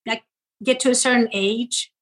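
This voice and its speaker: A woman in her forties from Iran, chatting as an interview guest, animated and quick to laugh while telling stories. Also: on the high side, rough recording. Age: 40s. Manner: animated storytelling, laughs often, many fillers. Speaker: guest, content creator. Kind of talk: casual interview chat.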